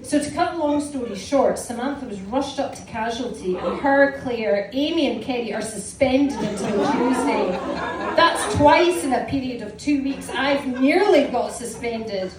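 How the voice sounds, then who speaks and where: A woman's voice: fairly high pitch, animated, measured pace, a crowd in the background. A Scottish woman in her forties reading aloud from her teenage diary to a live audience, with a wry, amused storytelling manner. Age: 40s. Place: small indoor live venue. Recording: roomy, distant mic with audience noise.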